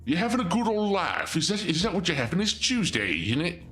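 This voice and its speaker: Man doing a put-on cockney accent, brash bloke, high mocking voice, swooping pitch. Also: wildly swooping pitch, brisk, a bit bright, soft background music, exaggerated voice. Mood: cheeky. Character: rowdy cockney bloke itching for the pub.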